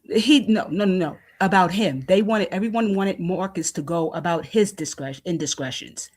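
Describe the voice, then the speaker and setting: Woman, New York accent, blunt, profane, talking fast and heated, caller on a live stream. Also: fairly low pitch, darkish tone. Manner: blunt, profane, rapid-fire opinions. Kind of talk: casual call-in rant.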